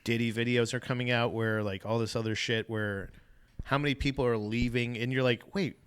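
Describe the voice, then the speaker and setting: A man's voice: mid-range voice, fairly even intonation, a little fast, clean tone. A young man co-hosting a podcast in casual chat, rambling, losing his thread, swearing and laughing. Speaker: podcast co-host.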